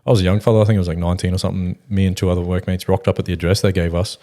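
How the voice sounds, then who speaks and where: Fast-talking laid-back Australian bloke. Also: male voice, deep voice, flat delivery, mellow. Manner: swearing, laid-back slang, fast storytelling. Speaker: podcast co-host. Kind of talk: casual chat, storytelling.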